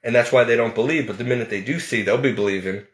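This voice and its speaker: Earnest pleading man in an echoey room. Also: medium pitch. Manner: earnest and pleading, with halting restarts and nervous laughs. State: close to tears at moments. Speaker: online preacher giving testimony. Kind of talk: emotional personal testimony to viewers.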